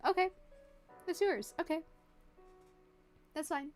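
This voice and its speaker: A woman's voice: very high voice, takes it slowly. Joking woman streamer chatting while drawing. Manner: rambling, joking, answering chat. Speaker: art streamer. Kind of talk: casual livestream chat while drawing. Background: faint background music.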